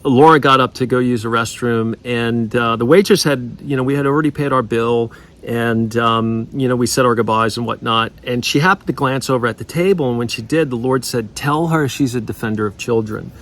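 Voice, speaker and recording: A man in ministry sharing a casual spoken testimony, halting often with fillers and restarts. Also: medium pitch, fairly bright tone. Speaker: ministry leader.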